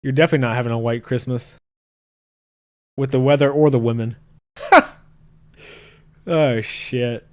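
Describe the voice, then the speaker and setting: A man's voice: medium pitch, fairly even intonation, moderate pace, pauses often. A man hosting a casual podcast, ranting and joking crudely while reading his live chat. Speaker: podcast host.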